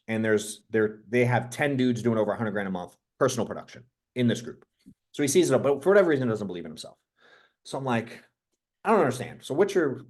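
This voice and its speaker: A male business coach tells a story to his group with loose, restless energy. He circles back on himself, curses casually and speaks at a middle pitch. The tone is an off-the-cuff pep talk. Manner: energetic, profane, rambling storyteller.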